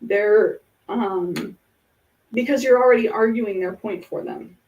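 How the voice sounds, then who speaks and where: A woman's voice: medium pitch, a little slow, recorded from a distance, muffled recording, slight background noise. A woman hosting a casual podcast, talking through ideas in an earnest, explanatory way with examples. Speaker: podcast host.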